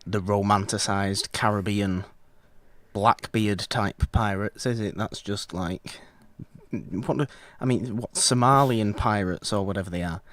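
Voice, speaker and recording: Wry man, low dry voice. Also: a little slow, fairly bright tone, no room sound. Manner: rambling, self-correcting, wry. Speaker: podcast co-host. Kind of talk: casual film chat.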